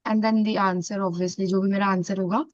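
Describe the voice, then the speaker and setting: A woman with an Indian accent teaching a French class, mixing in Hindi and repeating phrases slowly. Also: mid-range voice, fairly even intonation, dry recording. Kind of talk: online classroom lesson. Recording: dull, dry lo-fi sound.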